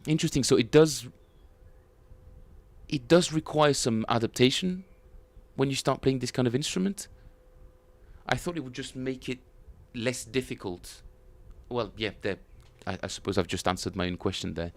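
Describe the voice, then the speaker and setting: A man hosting a bass-playing livestream, talking casually and hesitantly with many fillers as he reads chat messages aloud. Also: moderate pace. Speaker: bass player livestream host.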